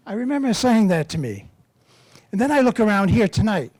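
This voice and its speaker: A man's voice: high-pitched, big pitch swings, fairly quick, darkish tone, no echo. An older man, a priest, telling humorous, self-deprecating stories to a live audience in a rambling way. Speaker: priest and campus minister. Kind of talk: storytelling talk to a live audience.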